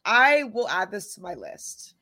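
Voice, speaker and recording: A woman's voice: medium pitch, sing-song, bright, forceful tone. A woman co-hosting a podcast in casual chat, teasing and steering the conversation. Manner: teasing, quick to tease and steer the talk. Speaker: podcast co-host.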